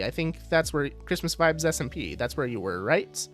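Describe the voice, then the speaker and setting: Upbeat male streamer with lively pitch. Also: moderate pace, soft background music. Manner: upbeat, greets chatters, many fillers. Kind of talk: casual livestream chat.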